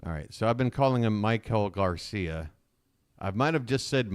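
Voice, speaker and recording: A man streaming live baseball play-by-play from his own channel, chatty and rambling, getting excited on big swings. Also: lowish voice, moderate pace, dry recording.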